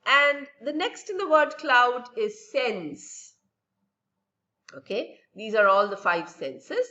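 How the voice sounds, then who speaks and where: Slow, lilting woman teaching young children. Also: a little high, bright, forceful tone, highs cut off. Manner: slow, lilting teacherly delivery with repeated questions and answers. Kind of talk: recorded online science lesson for children.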